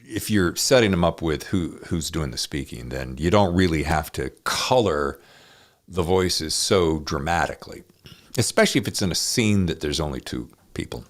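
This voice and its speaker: A man hosting an interview podcast, talking in a measured, deliberate way with frequent fillers; he also narrates audiobooks. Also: a bass voice, animated. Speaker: podcast host. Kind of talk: conversational interview.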